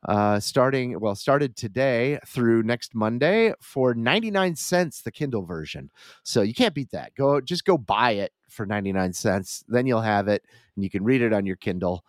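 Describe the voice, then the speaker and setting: A man's voice: mid-range voice, lively intonation, moderate pace, dry recording. A congested man hosts a podcast in a loose, rambling way, often stopping to correct himself. His voice is nasal and stuffed up, and the sound is close and dry with no room around it. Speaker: podcast host. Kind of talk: casual podcast chat.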